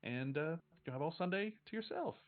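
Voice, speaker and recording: A man voicing a brisk, kindly churchgoing mother in a tabletop game, practical and coaxing. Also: on the high side, expressive, phone-quality sound, pitched above the performer's own voice, lightly acted.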